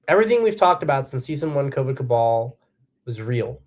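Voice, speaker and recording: A man's voice: medium pitch, very animated, a little fast, a little mellow. A man giving solo political commentary as host, blunt and profane, with emphatic bursts. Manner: acts out quotes in a harsh voice.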